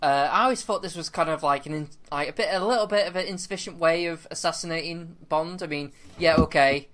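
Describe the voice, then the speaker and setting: A man's voice: fairly high pitch, fast talker, a bit bright. A man co-hosting a film review podcast, rambling with fillers and restarts and laughing often. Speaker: podcast co-host. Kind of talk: casual film review chat.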